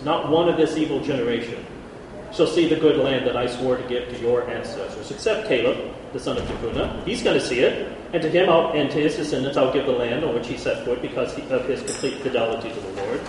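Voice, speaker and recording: A man preaching a lively Bible lesson, who jokes with the room and calls out listeners by name. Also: medium pitch, a little fast. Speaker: preacher teaching a Bible class. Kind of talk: lively sermon. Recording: echoey hall from far off, faint noise.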